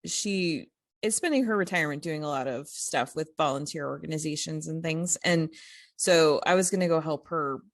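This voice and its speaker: A woman co-hosting a podcast, telling a story in a casual, animated way, with many fillers and restarts. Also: low-pitched, moderate pace, no room sound, clean studio sound. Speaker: podcast co-host.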